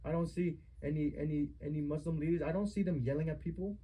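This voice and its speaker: A man's voice: a little high, fast talker, dark tone, slightly rough, poor audio. A young man in a heated family argument, confronting his mother with accusing, repetitive rhetorical questions.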